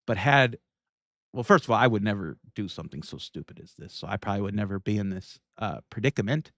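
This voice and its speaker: A man's voice: lowish voice, lively intonation, quick pace, gravelly, a bit bright, no echo, clean studio sound. A man hosting a livestream, reacting to video clips in casual, irreverent commentary and laughing often. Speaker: livestream host.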